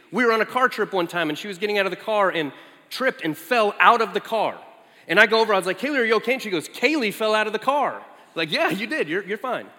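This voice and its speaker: A man in his forties preaching as a guest, telling lively family stories with animated quotes of his child. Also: high-pitched. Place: large church sanctuary. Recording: echoey large hall.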